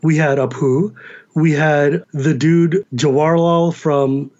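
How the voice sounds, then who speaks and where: An animated American man with a Californian accent, talking in a slightly raised voice. He chats with quick asides and frequent laughs, and the recording sounds dull and lo-fi. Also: fairly high pitch. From United States. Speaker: podcast guest. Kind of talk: casual chat.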